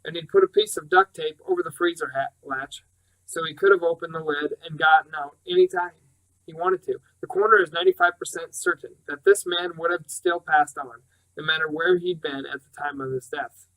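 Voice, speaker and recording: Blunt male police detective, matter-of-fact, bright voice, read by a man. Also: a little high, a little fast, lightly acted, low-quality recording.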